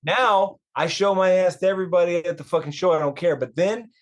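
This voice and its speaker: A man with a somewhat high voice tells a long, crude anecdote on a podcast. He swears freely and keeps the story rolling with energy. He is a visiting band member among friends. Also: brisk. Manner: profane, animated anecdote telling.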